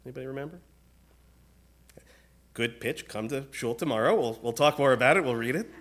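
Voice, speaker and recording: Rabbi guy preaching at friday night service, earnest and measured, keeps asking the room stuff. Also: mid-range voice, fairly bright tone. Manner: earnest, measured, often asks the room questions. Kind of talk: sermon. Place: synagogue sanctuary.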